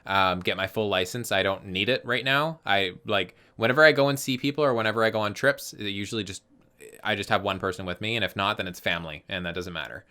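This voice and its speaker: Bright, clear-voiced young man telling stories. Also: fairly low pitch, fast talker. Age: 20s. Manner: animated storytelling, swears freely. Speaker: podcast co-host. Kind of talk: casual chat.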